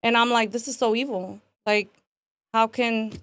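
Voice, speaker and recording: A woman in her twenties telling her life story as an interview guest in a casual, animated way, acting out quotes and saying "like" and "man" often. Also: fairly high pitch, normal speed, clean tone, no room sound.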